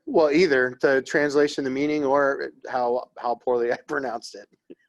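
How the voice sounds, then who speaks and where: A man giving a casual classroom lecture, his voice sitting at an ordinary middle pitch. He rambles and digresses, keeps asking the room "right?" and "okay?", and teases his students lightly. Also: steady tone, normal speed. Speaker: art history teacher.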